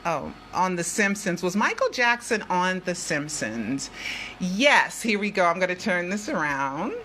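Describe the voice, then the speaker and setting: A woman's voice: on the low side, sing-song, a little slow, sharp tone, a little hiss or hum. Emphatic older woman vlogging. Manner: emphatic, repetitive, chatty. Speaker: vlogger and investigative journalist. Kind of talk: casual vlog talk.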